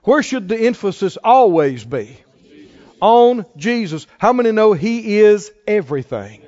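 A man's voice: high-pitched, big pitch swings, measured pace, a little mellow. A man preaching a sermon to a congregation, leading call-and-response and asking rising questions. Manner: rising, exhorting rhetorical questions. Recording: long hall reverb, dull lo-fi sound.

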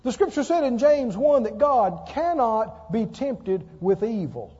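A man preaching a sermon to a congregation, emphatic, repeating lines slowly for stress and asking the people questions. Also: very high voice, big pitch swings, warm tone, slightly rough. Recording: dull lo-fi sound with long hall reverb.

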